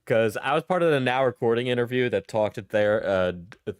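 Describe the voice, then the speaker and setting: A man's voice: mid-range voice, animated, fairly quick, smooth, no echo, clean studio sound. A young man streaming clip reactions in casual chat, rambling and laughing often as he trails off mid-sentence.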